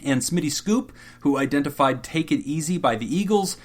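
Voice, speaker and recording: A man's voice: fairly high pitch, lively intonation, brisk. Jokey male podcast co-host. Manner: jokey, laughs often while reading thank-yous. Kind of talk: casual podcast chat.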